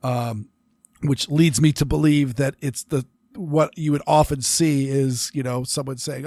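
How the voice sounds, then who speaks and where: A man's voice: medium pitch, fairly even intonation, a little mellow, no echo, clean studio sound. A man co-hosting a casual podcast chat, rambling with restarts and laughing often. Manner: rambling, self-interrupting, quick to laugh. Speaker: podcast co-host.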